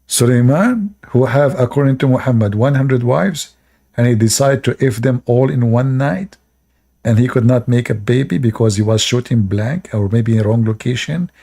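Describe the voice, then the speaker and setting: Speaking at normal speed, a man with a mid-range, creaky, dark-toned voice streams live while reading religious stories aloud. His English is non-native, his commentary sarcastic, and he often bursts out laughing.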